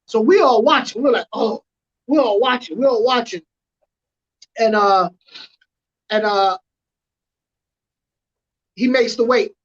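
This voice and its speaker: A woman telling a long anecdote in an animated, slangy way on a casual podcast. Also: fairly high pitch, dull audio. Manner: animated, drawn-out storytelling with slang. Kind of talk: casual podcast chat, storytelling.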